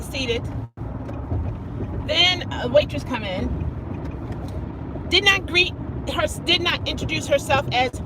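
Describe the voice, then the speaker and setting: A woman chatting casually as a vlogger, telling a story in an animated way and acting out quoted lines. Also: high-pitched, noisy background.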